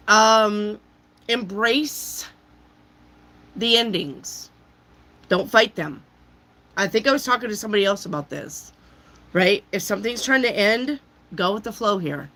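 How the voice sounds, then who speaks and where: A woman giving a casual tarot reading while she has a cold, chatty and loose, often clearing her throat. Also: mid-range voice, a bit bright, rough recording. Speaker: tarot reader.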